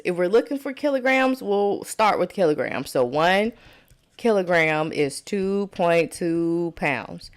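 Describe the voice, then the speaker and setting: A woman with a Southern US accent, a nurse tutoring students live, chatty and prone to side tangents as she walks through each step. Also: fairly low pitch. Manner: chatty, digressive, talks step by step. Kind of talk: live dosage calculation tutorial.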